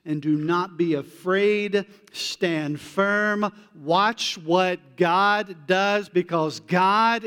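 A male pastor preaching a sermon in a conversational way, with casual slang, moving between hushed and emphatic delivery. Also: high voice, very slow, few pauses, smooth, big-room sound.

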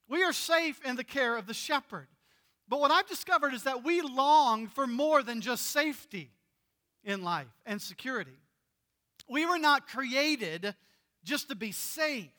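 A man's voice: very high-pitched, bright, forceful tone. A male pastor preaching a sermon, earnest and emphatic, stretching out key words for stress.

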